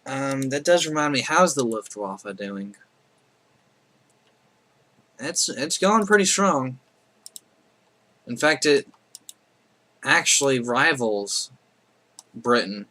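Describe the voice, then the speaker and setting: A man's voice: mid-range voice, lively intonation, slow, long pauses, bright, forceful tone. A man casually commenting on his strategy game playthrough, rambling and correcting himself with chatty asides. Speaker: let's play host.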